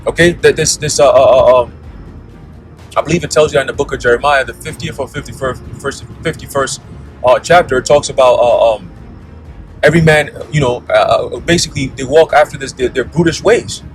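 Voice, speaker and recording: A man's voice: medium pitch, brisk, soft background music, poor audio. A man giving a blunt, profane preaching monologue, constantly checking in with "okay?" and "all right?". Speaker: religious commentator.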